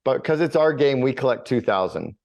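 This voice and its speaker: Lively intonation marks this middle-aged man's medium-pitched, slightly mellow voice, and he talks a bit fast. A business coach and author, he tells blunt stories with mild swearing in a casual podcast conversation.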